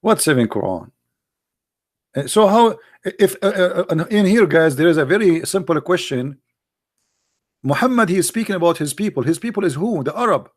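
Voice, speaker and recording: A man's voice: high-pitched, sing-song, moderate pace. A man giving an argumentative monologue as a religious commentator, mocking and emphatic, full of rhetorical questions, in non-native English grammar.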